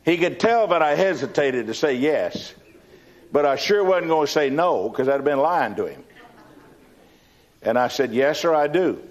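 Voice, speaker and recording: Folksy Texan preacher telling a story. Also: male voice, on the high side, animated, moderate pace. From Texas. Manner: folksy, anecdotal, repeats words when starting sentences. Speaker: preacher giving a testimony. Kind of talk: storytelling sermon.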